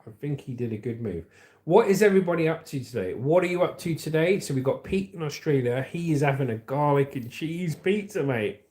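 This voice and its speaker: A man's voice: fairly high pitch, expressive, a little fast, a little mellow. A man hosting a casual livestream, chatting in a rambling way and reading out viewer comments. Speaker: livestream host.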